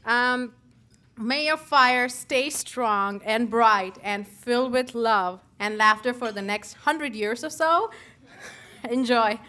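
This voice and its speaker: Bride's close friend: woman with a bright, fairly high voice, heartfelt and teasing. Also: slow. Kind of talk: wedding toast. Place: wedding reception.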